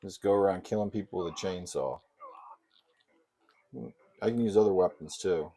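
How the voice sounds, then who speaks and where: A man giving casual, sarcastic commentary while playing old console games, with loud outbursts. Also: sits low, moderate pace. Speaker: gamer.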